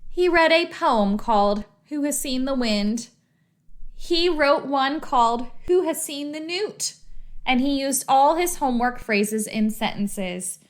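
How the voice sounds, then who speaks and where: A woman reading a children's book aloud in an expressive, animated storytelling manner. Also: high voice, slow pace.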